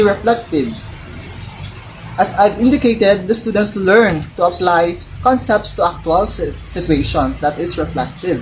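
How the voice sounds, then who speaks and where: A young woman, an education student reading out questions from her field study report and answering them, often restarting cut-off words. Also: medium pitch. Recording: noisy recording with ambient noise and birds.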